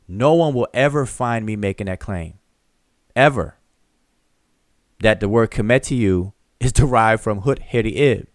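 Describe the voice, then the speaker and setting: A man's voice: mid-range voice, dry recording. A man teaches and answers critics on a live open discussion. He is emphatic and repeats himself to drive his points home, explaining step by step with examples. His mid-range voice sounds dry and close, with no room around it. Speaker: teacher and channel host.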